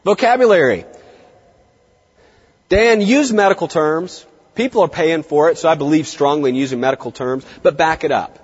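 A middle-aged man giving a lively lecture to veterinary students, swinging his tone and pace for drama. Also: a little high, normal speed, breathy edge. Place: large lecture hall. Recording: dull, echoey lecture hall recording.

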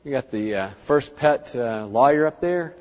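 A middle-aged man giving a seminar talk to an audience, chatty and animated, acting out the people he quotes. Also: medium pitch, moderate pace. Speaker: veterinary practice speaker. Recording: muffled, dull sound in a reverberant hall.

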